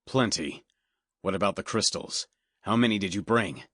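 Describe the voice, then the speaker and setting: A man voicing a cold, ruthless hooded male stranger in an audiobook, speaking in a low, heavy, threatening snarl. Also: moderate pace, a bit bright, no echo, studio quality. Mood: menacing. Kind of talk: audiobook character voice.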